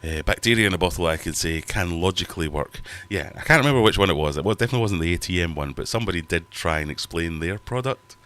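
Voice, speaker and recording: A man's voice: deep voice, lively intonation, quick pace, hardly any pauses, a bit bright. A middle-aged man hosting a casual livestream from his home fish room, chatting to viewers and reading their comments in a rambling, self-mocking way. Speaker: livestream host.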